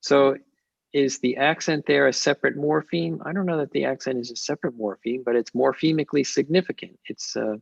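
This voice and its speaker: A man with a gravelly voice answers questions in a slow, measured way, often pausing and restarting. His voice sounds dry and close over muffled video-call audio. He speaks as a lecturer in an academic webinar. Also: mid-range voice, steady tone, no room sound. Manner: measured, hesitant, with many fillers and restarts.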